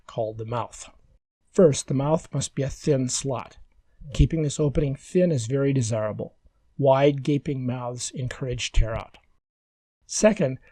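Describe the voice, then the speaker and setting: A man giving calm, measured, step-by-step woodworking instructions as a scripted voice-over. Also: mid-range voice, no echo.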